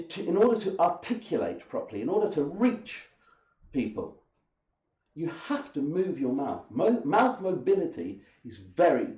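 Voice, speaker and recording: An English teacher lectures an audience in a hall, speaking emphatically with repetition and rhetorical questions. His voice is fairly high and warm. The audio is dull and echoey from the hall.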